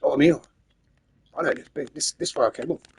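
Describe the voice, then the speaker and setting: A man's voice: fairly high pitch, fast, vocal fry, slight background noise. An English man giving rambling, chatty commentary while playing a game, talking to himself and his in-game horse. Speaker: gamer, channel host. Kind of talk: casual gameplay commentary.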